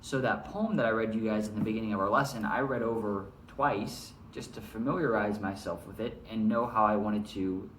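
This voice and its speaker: A man's voice: mid-range voice, a bit bright, a little hiss or hum. Man teaching a lesson in an echoey room. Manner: friendly, keeps checking in with "all right?". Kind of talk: recorded classroom lesson, reading poetry aloud.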